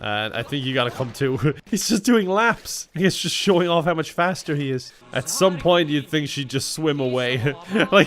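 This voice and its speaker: A young man narrates his game in a loose, joking way, breaking into laughter again and again. His voice sits a little higher than most men's. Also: a bit bright. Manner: giggly, crude joking, frequent laughter. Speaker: gaming YouTuber. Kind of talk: let's-play commentary.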